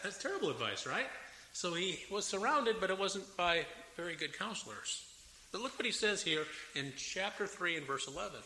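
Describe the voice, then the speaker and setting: Animated Southern preacher in an echoey church. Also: male voice, high-pitched, brisk. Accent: Southern American. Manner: animated preaching, acting out biblical figures' complaints in a raised voice. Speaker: pastor. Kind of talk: sermon. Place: church sanctuary. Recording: echoey hall with faint room noise.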